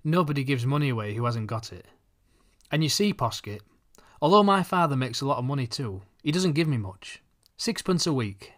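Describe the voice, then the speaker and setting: A man voicing a thin, money-minded schoolboy who talks calmly and deliberately. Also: mid-range voice, close to an everyday voice. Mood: calculating. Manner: calm, calculating, deliberate.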